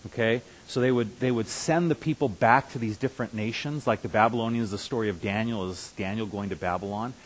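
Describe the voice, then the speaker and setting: A man's voice: lowish voice, a little fast, hardly any pauses, poor audio. A man preaching a conversational sermon as pastor, who repeats and restarts words and rises to emphatic bursts. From Russia. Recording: faint hiss.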